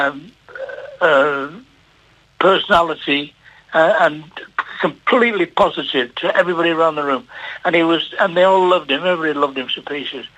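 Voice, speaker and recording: An older man, a television producer, telling a story on the radio with halting repeats and lively delivery. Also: sits high, highs cut off. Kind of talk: anecdotal storytelling.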